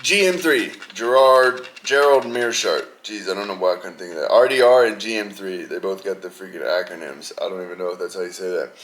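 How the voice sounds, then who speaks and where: A young man hosting a podcast, talking casually and rambling in an animated, slangy way about an upcoming fight card. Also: mid-range voice. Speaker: podcast host. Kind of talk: casual sports chat.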